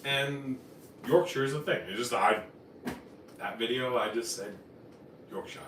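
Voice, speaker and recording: A man's voice: medium pitch, measured pace, reverberant, recorded from a distance, background noise. A man from Newfoundland hosting a casual live cooking stream, talking in a rambling, chatty way and correcting himself as he goes. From Newfoundland, Canada. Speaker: cooking show host. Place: home kitchen.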